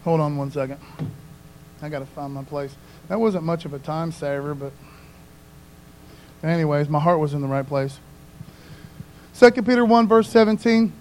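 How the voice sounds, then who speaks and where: A man with a high voice preaches in a relaxed, conversational way. He keeps checking in with his listeners and tags his sentences with "man". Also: normal speed, long pauses, slight background noise, rough recording. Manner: casual, repeats "man" and "you know what I mean". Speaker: pastor. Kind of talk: casual conversational sermon.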